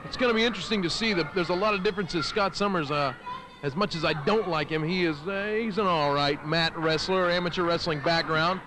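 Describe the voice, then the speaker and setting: A man's voice: sits high, brisk, noisy background. A man doing brash, taunting color commentary for a wrestling show, boasting and mocking the wrestlers.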